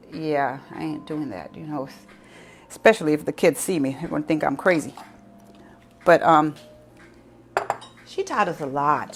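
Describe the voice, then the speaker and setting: A middle-aged woman hosting a casual live cooking class from her kitchen, telling stories with laughs and talking straight to her viewers. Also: on the low side. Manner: chatty, warm storytelling with laughs and asides to viewers. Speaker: cooking show host. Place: home kitchen.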